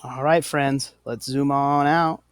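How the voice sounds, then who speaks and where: Slow and clear, with a resonant tone and fairly even intonation, a medium-pitched man delivers a classroom explanation in a dry recording. He teaches patiently and deliberately, often stopping to correct himself with apologies.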